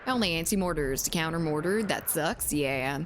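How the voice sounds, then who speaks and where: A woman's voice: low-pitched, animated, normal speed, slight background noise. A woman game streamer with a Southern US accent. She chats casually and rambles, with lots of fillers and the odd swear word. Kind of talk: casual live-stream chat.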